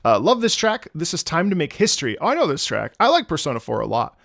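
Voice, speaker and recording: Here the young man talks fast in a slightly high, gravelly voice. Reacting to game music on his livestream, he tells animated stories to chat, laughs frequently, and acts out quoted voices, with clean studio sound and no room noise.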